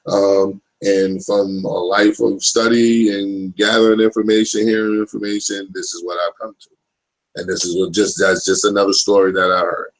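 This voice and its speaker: A man in his thirties talks through a casual live stream with a gravelly, fried voice. His pitch sits fairly low. He rambles, swears freely, and keeps checking in with his listeners. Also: little pitch movement, moderate pace, poor audio. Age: 30s. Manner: rambling, profane, keeps asking "you know what I'm saying". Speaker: livestream host.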